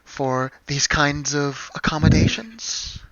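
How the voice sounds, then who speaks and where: A man voicing a proper, grateful woman enforcer who speaks formally and politely, with measured pauses. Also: fairly high pitch, lively intonation, fairly bright tone, no echo, lo-fi sound. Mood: commanding.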